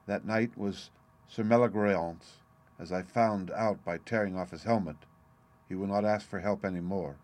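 A man with a fairly low voice reads a chapter of a classic novel aloud. His narration is measured and even, with a steady storytelling pace. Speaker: audiobook reader. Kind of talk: scripted narration.

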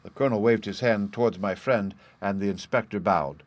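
A man reading a novel aloud in steady, measured storytelling narration. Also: lowish voice, no echo. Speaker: audiobook narrator. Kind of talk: scripted narration.

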